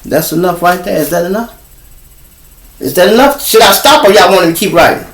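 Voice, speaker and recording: A man's voice: sits high, lively intonation, fairly quick, fairly bright tone. A middle-aged man with a Chicago accent hosts a casual livestream monologue, blunt, profane and preachy as he lectures his viewers. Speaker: show host. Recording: roomy echo.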